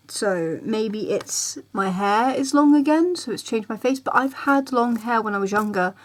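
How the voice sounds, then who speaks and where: A young woman, chatting casually to camera in her bedroom, tired and rambling, sometimes dropping to a soft near-whisper. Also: medium pitch. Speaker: vlogger.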